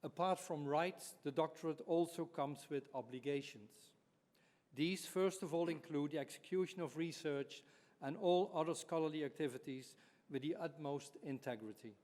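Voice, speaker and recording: A man officiating at a ceremony, reading formal text in a measured way. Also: a little high, darkish tone. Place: university ceremony hall. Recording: echoey hall.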